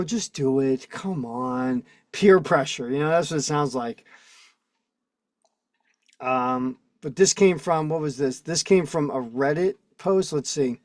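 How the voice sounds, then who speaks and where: A man's voice: on the high side, measured pace, darkish tone, no echo, studio quality. A man hosting a casual online chat, reading notes aloud and riffing on them with indignation. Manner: rambling, reads text aloud then riffs indignantly. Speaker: host.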